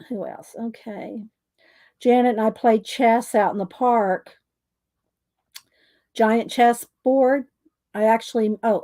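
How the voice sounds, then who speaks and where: Woman host, unhurried rambling crafter, dry close sound. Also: medium pitch, a little mellow, no room sound. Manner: rambling, chuckling, searching for words. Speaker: crafter showing her doll scenes. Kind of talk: casual chat.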